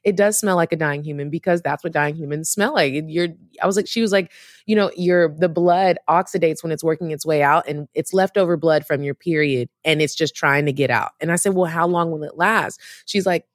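A woman telling a story in casual chat, animated and profane, acting out the voices of people she quotes. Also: sits low, brisk, dry recording, clean studio sound. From Texas.

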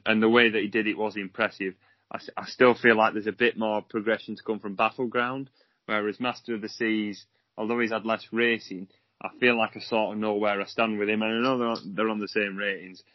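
A young man co-hosting a racing podcast, chatting in a relaxed way and thinking aloud with fillers. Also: lowish voice, dry recording, muffled recording. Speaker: racing tipster co-host. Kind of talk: casual racing podcast chat.

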